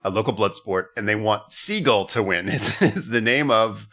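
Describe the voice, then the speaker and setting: A man's voice: fairly low pitch, normal speed, pushed and bright. A man co-hosting a comedy podcast, recapping a bad movie in a wry, profane way. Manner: profane, wry, breaks into mock voices. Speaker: podcast co-host.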